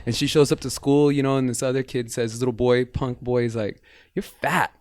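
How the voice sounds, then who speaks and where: A man's voice: mid-range voice, steady tone, fast, a little mellow, no echo. A man talking as a podcast guest about bodywork and breath, earnest and flowing, sometimes guiding the listener through breathing. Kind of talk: casual interview chat.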